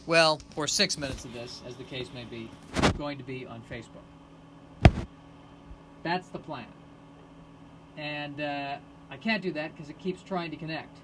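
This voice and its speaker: A man hosting a rambling solo live stream on his phone, sarcastic and self-mocking, bursting into shouted rants. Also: fairly high pitch, noisy background. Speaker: podcast host streaming live.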